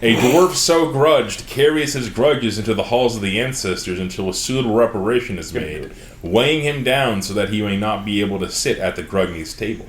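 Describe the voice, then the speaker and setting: A podcast host with a lowish voice, talking at normal speed, animatedly retells fantasy lore in a casual episode and swears frequently. There's slight background noise and a roomy echo on the recording.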